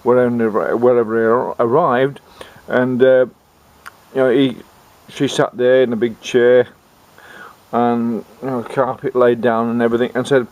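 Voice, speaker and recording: A man telling a comic tall tale in a rambling, halting way, often restarting his sentences. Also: medium pitch, flat delivery, a little mellow, lo-fi sound. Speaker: storyteller. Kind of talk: comic folk storytelling.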